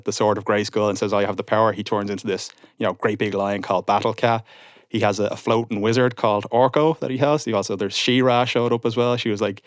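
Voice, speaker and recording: Man, thirties, podcast guest, lower voice, dry close sound, lively storyteller. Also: dry recording. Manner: animated storyteller, acts out quotes. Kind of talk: casual podcast chat.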